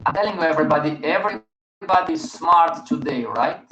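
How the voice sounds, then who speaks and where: A man's voice: a little high, animated, brisk, background noise. A man hosting a live webinar, speaking emphatically and often checking in with his listeners. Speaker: host, market educator. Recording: roomy, dull stream audio.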